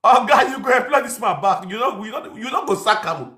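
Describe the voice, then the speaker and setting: A man putting on a shrill wailing Nigerian beggar. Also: expressive, fairly quick, full character voice. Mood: shouting plea. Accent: Nigerian Pidgin. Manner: shrill, theatrical sobbing and shouting. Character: wailing, mock-crying adult man begging the governor. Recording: echoey room.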